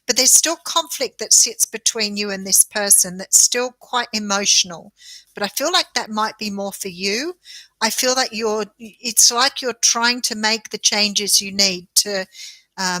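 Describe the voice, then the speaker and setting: A woman's voice: mid-range voice, sharp tone, no echo. An Australian woman, a tarot reader, giving chatty and reassuring readings on a live stream with frequent laughter.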